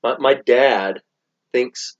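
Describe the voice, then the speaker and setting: A man's voice: mid-range voice, very slow. A middle-aged man co-hosting a soda review with his son, chatting casually and drifting off topic. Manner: rambling, easily sidetracked. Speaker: soda review co-host, father. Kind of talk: casual chat. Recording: dull lo-fi sound.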